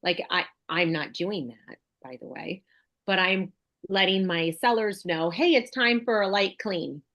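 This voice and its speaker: A woman's voice: medium pitch, unhurried, fairly bright tone, muffled recording. A middle-aged woman real estate broker hosting a casual chat, talking in a chatty, enthusiastic way and thinking aloud. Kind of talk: casual video call chat.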